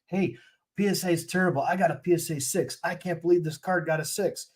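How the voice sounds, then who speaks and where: A man's voice: sits high, fairly quick, slightly rough, voice pushed up. A man mocking a whiny, griping collector. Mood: whiny mockery. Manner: mocking, exaggerated complaining.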